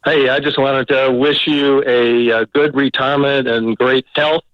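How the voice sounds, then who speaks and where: A man's voice: medium pitch, steady tone, a little slow, dry recording, dull audio. A man calling in to a radio show, friendly and joking. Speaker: caller. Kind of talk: radio call-in.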